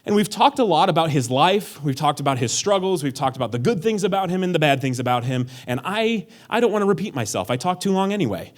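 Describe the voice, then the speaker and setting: Joking, animated male pastor. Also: a little high, fast, few pauses. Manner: joking, sarcastic, conversational with many fillers. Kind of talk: casual sermon. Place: church hall.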